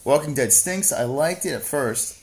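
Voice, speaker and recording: A man's voice: on the high side, expressive, normal speed, a little mellow. A man co-hosting a casual livestream, reading chat messages and rambling about a TV show with constant swearing and mocking jokes.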